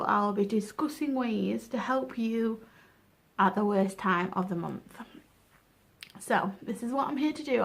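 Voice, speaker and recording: A woman's voice: mid-range voice, vocal fry. Woman, young adult, casual advice vlog, frank and chatty, self-deprecating. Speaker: vlogger.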